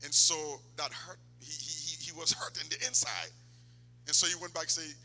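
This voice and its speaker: Impassioned preacher, high bright voice. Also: male voice, lively intonation, brisk, a little hiss or hum. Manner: impassioned, swings from loud exhortation to low asides. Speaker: pastor. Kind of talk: sermon. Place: church sanctuary. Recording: long church hall reverb.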